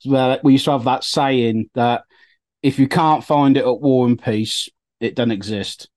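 A man's voice: mid-range voice, a little slow, darkish tone. A man co-hosting a podcast, chatting in an easygoing, hesitant way that trails off. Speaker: podcast co-host. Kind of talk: casual chat.

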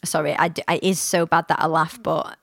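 A young woman with a fairly low voice talks through a hard personal story on a podcast. She is frank and swears freely, stopping and restarting her sentences. The sound is close and completely dry, with no room around it. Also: fairly even intonation, brisk, creaky, fairly bright tone, dry recording. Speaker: podcast co-host. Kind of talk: casual chat.

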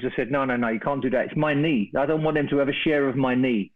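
A middle-aged man from England telling a long casual story, chatty and animated, acting out the voices of the people in it. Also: mid-range voice, brisk. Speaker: guest storyteller. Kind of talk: casual anecdote on a phone call. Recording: tinny phone-line sound.

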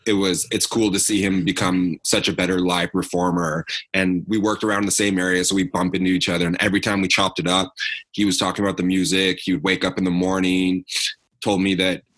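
A man's voice: low voice, little pitch movement, a little fast, a bit bright. A young man co-hosting a podcast, chatting casually in a laid-back, slangy way and laughing often. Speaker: podcast co-host. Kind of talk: casual chat.

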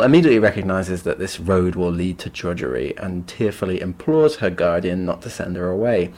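Male podcast co-host, low-pitched, dry and understated. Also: lively intonation, a little fast, few pauses, darkish tone. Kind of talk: casual book discussion.

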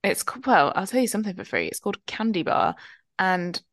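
A woman's voice: mid-range voice, huge pitch swings, a little fast, no room sound, studio quality. A young woman co-hosting a podcast, telling wry anecdotes in casual chat. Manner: chatty, wry, storytelling. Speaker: podcast co-host.

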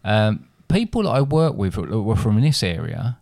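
A man's voice: fairly low pitch, big pitch swings, normal speed, creaky, darkish tone, no echo, studio quality. A middle-aged man with an Essex accent, co-hosting a podcast and telling stories in a rambling, self-interrupting way. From England. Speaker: podcast co-host. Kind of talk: casual chat.

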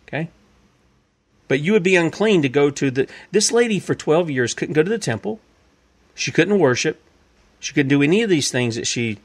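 A man preaching an informal Bible lesson at a middle pitch. He keeps it conversational and repetitive, stacking phrase after phrase. He often poses a question and answers it himself. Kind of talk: informal Bible-teaching sermon.

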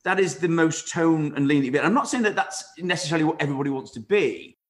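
A man's voice: a little high, fast, a bit bright. A man interviewing a guest in a casual conversation, asking questions with frequent stumbling restarts.

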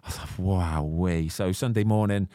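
Man, chatty storyteller, slangy, lowish voice, dry close sound. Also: normal speed, dark tone, dry recording. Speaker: guest footballer. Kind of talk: casual podcast chat.

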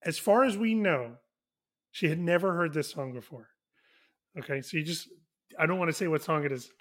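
A man with a fairly high voice tells a lively story on a casual podcast. He is in his thirties and breaks into quick asides as he talks. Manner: animated anecdote-telling, quick asides. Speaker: podcast co-host.

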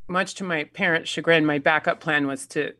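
A woman in her forties, an actor guest in a casual conversation, telling stories animatedly with halting restarts and frequent laughs. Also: low-pitched, fairly even intonation, a bit bright, dry recording, clean studio sound. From United States.

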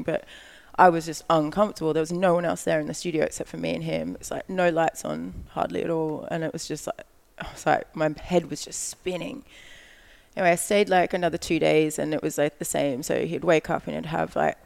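An Australian woman, a model appearing as a guest, tells a story in casual chat with a low voice and a gravelly edge. She is chatty and animated, acting out quoted lines and saying "like" often.

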